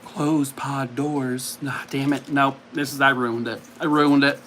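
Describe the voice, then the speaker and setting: A man's voice: mid-range voice, steady tone, normal speed, bright, forceful tone, slight background noise. Playful man hosting a casual stream. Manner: playful, laughs a lot, self-mocking. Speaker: streamer host. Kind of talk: casual live-stream chat.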